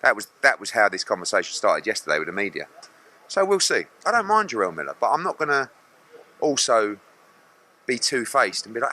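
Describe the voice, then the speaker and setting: A man's voice: on the low side, big pitch swings, a little fast, sharp tone. A middle-aged man, a boxing promoter, answering media questions bluntly and retelling a confrontation with mocking voices.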